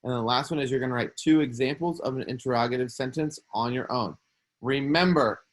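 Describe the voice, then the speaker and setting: A man's voice: medium pitch, a little fast. A male teacher giving a recorded grammar lesson for young students, patiently repeating each rule as he walks through examples step by step.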